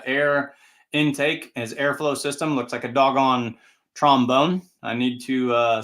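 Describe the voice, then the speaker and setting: A man's voice: mid-range voice, a bit bright. A man who announces tractor pulls, hosting a casual livestream and telling upbeat, rambling stories. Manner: chatty, rambling, upbeat anecdotes. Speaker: tractor pull announcer and show host.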